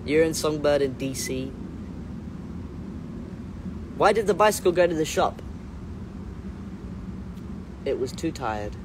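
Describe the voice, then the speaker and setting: A man's voice: a little high, lively intonation, slow pace, long pauses, background noise. Casual male livestream host; loose, playful, rambling, corrects himself mid-sentence. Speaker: musician hosting a livestream. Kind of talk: casual livestream chat, reading out viewer comments.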